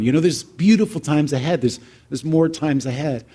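A man's voice: on the high side, normal speed, a little mellow, husky. A man in his forties telling a heartfelt personal story to an audience in a reflective, conversational way. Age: 40s. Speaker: speaker addressing an audience.

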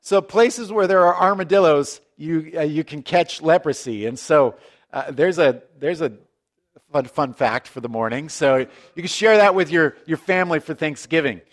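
A male pastor gives a casual, chatty sermon with a fairly high voice. He drifts into asides and jokes with the congregation, restarting sentences as he goes. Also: normal speed. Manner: conversational, self-deprecating, frequent restarts and asides.

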